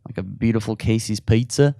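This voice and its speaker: A podcast host with a lowish, creaky, mellow voice talks fairly quickly while gaming on his solo show, recorded at home in his room with a dry, studio-quality sound. He's chatty and self-deprecating, laughing at himself often and sounding a bit out of breath.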